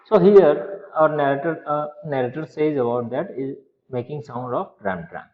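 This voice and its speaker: A man's voice: on the high side, normal speed. A male teacher explaining a children's story, often asking the class a question and then answering it himself. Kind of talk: explaining a school story to young pupils. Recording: echoey room, dull lo-fi sound.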